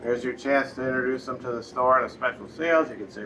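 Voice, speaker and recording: A man co-hosting a casual business chat, talking in a relaxed, loose way. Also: medium pitch, fast talker, hardly any pauses. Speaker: furniture store co-host. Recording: bright, distant mic with faint noise.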